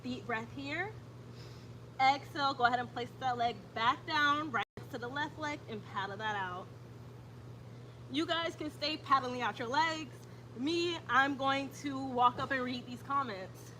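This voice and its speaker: A woman guiding a yoga stretch routine with steady breathing cues and casual asides. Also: high voice, a little slow, a little hiss or hum. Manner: calm breath cues, chatty when reading comments. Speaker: yoga instructor. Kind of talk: guided yoga instruction.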